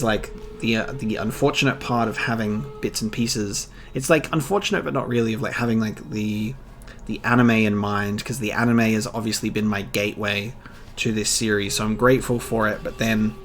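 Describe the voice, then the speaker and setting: Slow, chatty man musing over a manga. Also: lowish voice, a bit bright. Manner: chatty and musing, with frequent laughs and fillers. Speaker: reaction channel host. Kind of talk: casual manga read-along.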